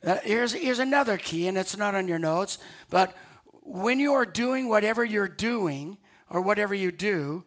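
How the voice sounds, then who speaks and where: Man, pastor, sermon, fairly high voice, repeats lines for emphasis. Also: animated, moderate pace, a bit bright. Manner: storytelling with quoted dialogue.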